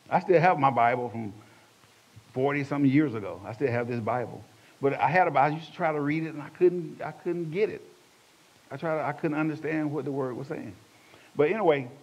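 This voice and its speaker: An older man giving an emotional spoken testimony, telling his story dramatically as he swings between hushed and loud passages. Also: mid-range voice, breathy edge. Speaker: testimony speaker. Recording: dull lo-fi recording.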